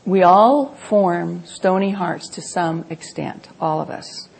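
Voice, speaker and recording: A woman's voice: lowish voice, slow pace, vocal fry, a little mellow, slightly rough. A middle-aged woman giving an earnest Bible teaching talk, explaining with homely examples from family life.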